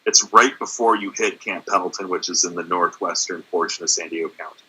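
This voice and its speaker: A man's voice: low voice, a little fast, sharp tone, slightly rough, low-quality recording. A man who is a guest comedian, chatting casually in an easygoing, rambling way. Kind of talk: casual chat.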